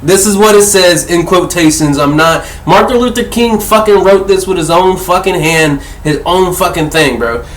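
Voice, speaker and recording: A man's voice: high voice, normal speed, hardly any pauses. A man hosting a casual book discussion, rambling and swearing freely as he corrects himself mid-thought. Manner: profane, rambling, self-correcting. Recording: echoey room.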